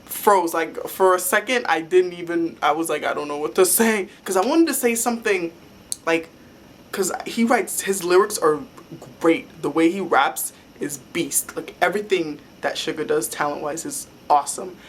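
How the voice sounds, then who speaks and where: A young woman telling a story to her vlog camera in a rambling, excitable way, full of "like" fillers. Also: lowish voice, moderate pace, slight background noise. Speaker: vlogger. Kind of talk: casual fan storytelling.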